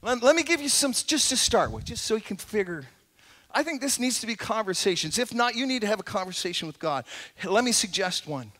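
A middle-aged man preaching as a pastor in a church, earnest and conversational, swinging between emphatic points and quiet asides. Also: high-pitched, animated, a little fast. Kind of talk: sermon. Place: church sanctuary.

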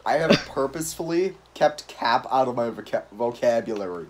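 A man's voice: mid-range voice, animated, moderate pace, noisy background. A man chatting casually while playing a video game, ranting in an exasperated way about its rules. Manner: ranty and exasperated. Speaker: gaming YouTuber. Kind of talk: casual gaming chat.

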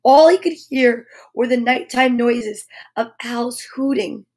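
A woman reads a picture book aloud for children, unhurried and careful with every phrase. Her voice sits high, and she breaks off now and then for friendly asides to her young listeners. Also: a little mellow. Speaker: children's storyteller host.

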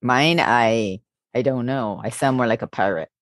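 A woman's voice: a bass voice, moderate pace, dry recording. A woman co-hosting a podcast, chatting playfully. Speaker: podcast co-host. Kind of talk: casual podcast chat.

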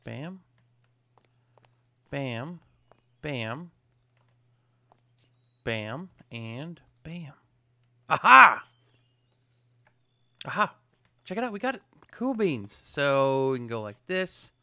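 A man's voice: mid-range voice, very animated, extremely slow, pauses often. A man hosting a video game channel, giving upbeat, chatty gameplay commentary with a self-mocking streak. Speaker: gaming channel host.

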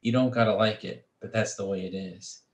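A gruff, curt policeman, as a male reader voices him in a storybook reading, blunt and slangy. The voice is low and echoes in the room. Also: steady tone, fairly quick, close to an everyday voice.

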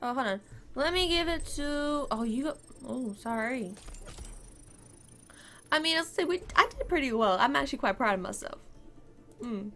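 A woman's voice: sits high, animated, moderate pace, long pauses, fairly bright tone, soft background music. A woman giving casual, chatty commentary while playing a video game, cheering on her team. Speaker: gaming video creator.

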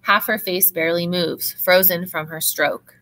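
Teacher reading a novel aloud, bright-toned. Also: female voice, on the low side, steady tone, unhurried, slight background noise.

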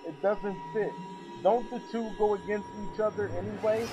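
A man's voice: high-pitched, fairly even intonation, moderate pace, over music, low-quality recording. A man giving a chatty, rambling movie review with a sarcastic edge, sitting back from his microphone. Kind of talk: casual spoken movie review.

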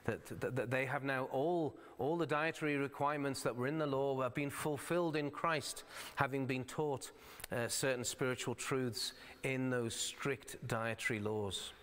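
A male pastor preaching a sermon in a church sanctuary, explaining his points in a conversational way. His voice sits at an ordinary middle pitch, and the hall adds a long reverb to every word. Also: steady tone, normal speed, fairly bright tone. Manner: reads scripture in old-fashioned wording.

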